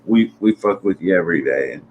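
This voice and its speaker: A man's voice: low-pitched, expressive, brisk, dull audio, slight background noise. A man from Oklahoma in a casual chat, rambling and crude with lots of fillers and swearing.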